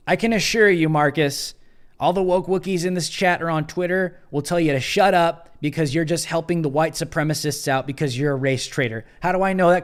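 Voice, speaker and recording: A young man hosting a live stream in a casual, emphatic way, reading viewer donations aloud and calling people "man" and "brother.". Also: a little high. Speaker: livestream host.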